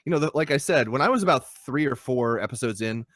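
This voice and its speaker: A man's voice: medium pitch, fast, dry recording. Podcast co-host: young man, dry close sound, swears freely and rants with energy. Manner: animated, swearing, ranting critique. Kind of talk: casual podcast chat. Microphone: podcast microphone.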